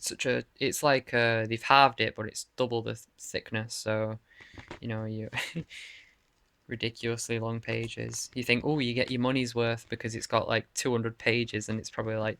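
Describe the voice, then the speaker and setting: Gravelly-voiced man chatting casually. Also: medium pitch, completely flat delivery, moderate pace, fairly bright tone. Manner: rambling, laughing and swearing often. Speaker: video game collector showing his cases. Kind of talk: casual chat to camera. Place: bedroom.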